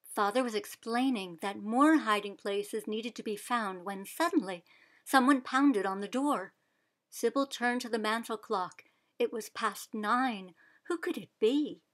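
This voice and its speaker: A woman reading a children's picture book aloud as host, clear and explanatory, asking her young listeners questions. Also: a little high, unhurried, fairly bright tone. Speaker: teacher-style read-aloud host.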